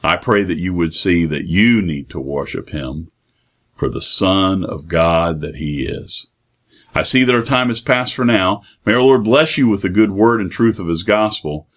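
A man delivers a radio sermon in a fairly low voice. He reads scripture in old-fashioned wording, then explains it in plain talk and often repeats phrases for emphasis. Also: lively intonation, normal speed, fairly bright tone. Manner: reads King James verses, then retells them plainly with repeats. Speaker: preacher.

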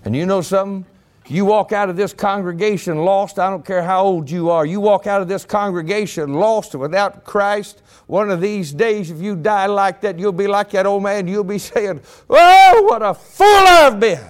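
A man's voice: high-pitched, steady tone, moderate pace. A male preacher telling a story fervently in a revival sermon, repeating himself for weight.

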